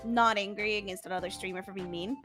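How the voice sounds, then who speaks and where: A woman chatting casually with friends, giggling often and speaking in an animated way. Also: medium pitch, fast talker, soft background music. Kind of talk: casual chat.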